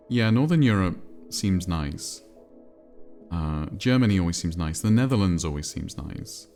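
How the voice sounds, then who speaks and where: A man talks casually to his stream chat and drifts from thought to thought. His voice sits very low and has a gravelly fry. Faint music plays behind him. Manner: relaxed, rambling, reads and answers chat. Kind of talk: casual chat while playing a cozy game.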